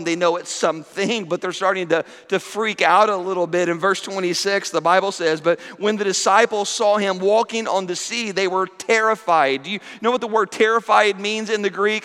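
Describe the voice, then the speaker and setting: A man preaching a sermon, emphatic and repetitive, swinging from soft to loud. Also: sits high, clean tone, long reverb tail. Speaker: pastor.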